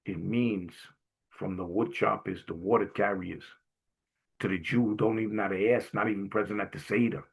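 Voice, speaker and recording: A middle-aged man from Brooklyn, a jovial, animated guest speaker telling stories to a class and often clearing his throat. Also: fairly low pitch, normal speed. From Brooklyn, New York. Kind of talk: storytelling talk to a class.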